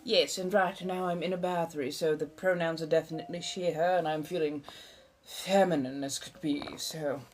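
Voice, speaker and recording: A woman's voice: low voice, fairly even intonation, moderate pace, soft background music. A woman in her forties hosting a livestream in a put-on old-fashioned American accent, theatrical, flowery and chatty, calling viewers darling. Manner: talkative chatterbox. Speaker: livestream host.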